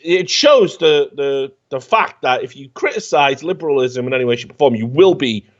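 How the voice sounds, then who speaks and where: A man's voice: medium pitch, moderate pace, muffled recording. A man hosting a casual comedy show, reading online comments aloud and mocking them with sarcasm and frequent swearing. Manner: animated, sarcastic, swearing freely. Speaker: host.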